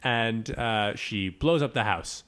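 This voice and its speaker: A man's voice: slow pace, clean tone. A young man co-hosting a podcast, casually retelling a film's plot and jumping into silly voices for quoted lines. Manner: animated storyteller, jumps into squeaky voices for quotes. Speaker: podcast co-host. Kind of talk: casual movie recap chat.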